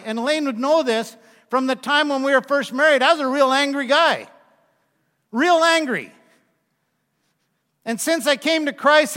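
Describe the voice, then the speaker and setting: A man in his sixties gives a conversational sermon full of folksy stories and asides to his congregation. His voice is extremely high and sharp in tone, echoing with the long reverb of a large hall.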